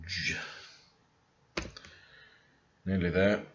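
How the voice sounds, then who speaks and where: Man, low-pitched, deliberate tutor who thinks aloud, dull roomy home recording. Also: lively intonation, bright, forceful tone. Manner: unhurried, thinking aloud while typing. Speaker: language learner teaching Korean. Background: keyboard typing and clicks.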